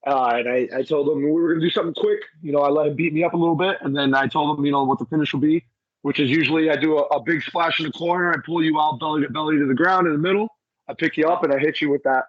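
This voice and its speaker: A wrestler in casual chat with an interviewer, talking loosely and filling gaps with "you know" and "like.". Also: male voice, on the high side, fairly even intonation, racing, no room sound, dull audio. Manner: rambling, many fillers like "you know" and "like". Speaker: wrestler guest.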